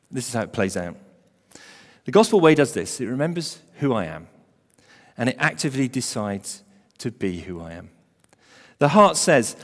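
A man preaching a sermon as pastor, emphatic, building to loud stressed phrases. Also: mid-range voice, sing-song, normal speed. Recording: long hall reverb.

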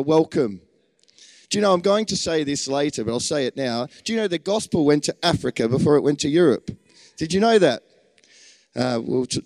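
A man's voice: on the high side, darkish tone. Enthusiastic Australian man preaching in a hall. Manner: enthusiastic, calls out to the crowd. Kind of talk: sermon.

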